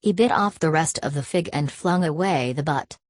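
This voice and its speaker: A woman narrating a classic novel aloud in an even, measured reading, voicing the dialogue mostly in her own voice. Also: low-pitched, no room sound. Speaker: audiobook narrator. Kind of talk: scripted narration.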